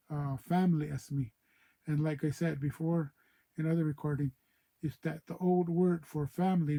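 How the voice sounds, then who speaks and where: A man teaching native words in an informal spoken lesson, repeating each word slowly and thinking aloud as he explains. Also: fairly high pitch, warm tone, rough recording. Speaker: O'odham language teacher.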